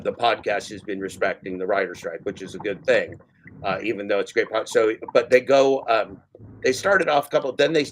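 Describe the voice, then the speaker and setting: A man hosting a casual talk show, rambling and excitable, swearing often. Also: on the low side, a little hiss or hum. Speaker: show host. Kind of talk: casual chat.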